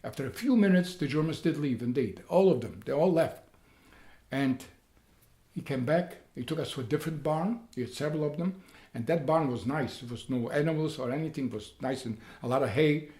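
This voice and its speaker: An old man recounts his past in a slightly high voice. He stumbles, repeats words and rises to loud excitement at key moments. The room around him adds a noticeable echo. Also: fairly quick. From Poland. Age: 80s. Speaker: interviewee. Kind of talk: personal storytelling. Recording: roomy echo.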